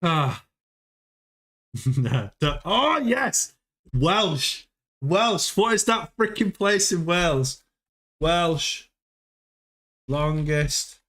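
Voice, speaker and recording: A man hosting a casual livestream, playful and quick to exclaim and laugh. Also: fairly high pitch, lively intonation, a bit bright. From United Kingdom. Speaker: livestream host.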